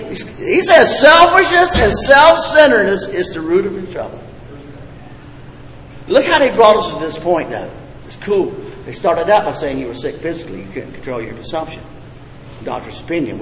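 At a recovery meeting, a man gives a blunt, folksy talk full of profane jokes. His voice sits a little high and a bit bright. The echoey hall adds reverb and faint ambience, along with a little hiss or hum.

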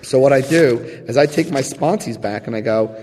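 A man sharing his recovery story with a live audience, telling it in an animated, chatty way, acting out scenes and checking in with his listeners. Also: medium pitch, normal speed, in a large hall, a little hiss or hum. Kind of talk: personal testimony to a live audience.

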